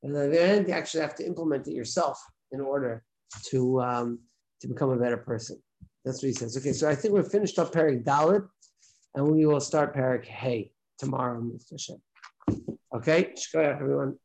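Heard on a rough recording, a rabbi with a medium-pitched, gravelly, slightly mellow voice talks fairly quickly. It's a relaxed daily lesson for his class, conversational in tone, with repetition and rhetorical questions throughout.

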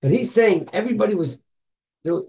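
A high-pitched, brisk male voice with vocal fry delivers a Torah insight in a relaxed study session. Lively and fond of rhetorical questions, he quotes from Hebrew texts and sprinkles in Hebrew and Yiddish terms.

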